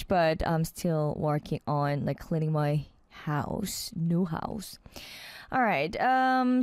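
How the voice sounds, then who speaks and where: A woman's voice: mid-range voice, darkish tone, no room sound. Bubbly woman radio host. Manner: bubbly, chatty, laughs often. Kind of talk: casual radio show chat. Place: radio studio.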